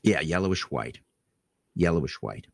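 A man hosting a call-in radio show, talking in a measured way with frequent ums. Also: very deep voice, lively intonation, vocal fry, breathy edge, dry recording. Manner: measured, hesitant with ums, drawn-out words. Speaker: radio host. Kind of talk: late-night call-in radio.

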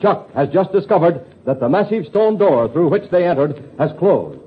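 A man's voice: fairly high pitch, big pitch swings, normal speed, slight background noise. A male radio announcer addressing young listeners in a chummy, upbeat 1940s style. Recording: lo-fi old radio recording.

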